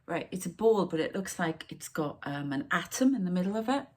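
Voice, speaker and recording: Husky, low-voiced woman medium. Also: lively intonation, brisk. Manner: meandering, drifts into hushed whispered asides. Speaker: psychic medium. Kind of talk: rambling spiritual channelling monologue.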